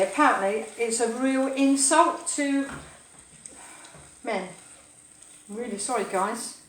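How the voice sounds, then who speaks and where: A gossipy woman in her sixties with a fairly high voice rambles through stories as she cooks, tripping over her own sayings. She sounds echoey in a kitchen where a pan fries loudly behind her. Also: takes it slowly, long pauses, slight background noise. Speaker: cooking vlogger. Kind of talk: chatty storytelling while cooking. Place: home kitchen, food sizzling. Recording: echoey kitchen with loud frying.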